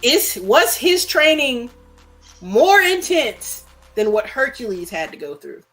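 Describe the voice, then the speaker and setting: Woman, podcast co-host, bright voice, lively pitch, expressive, casual chat. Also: slow, faint music behind. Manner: expressive, laughing asides.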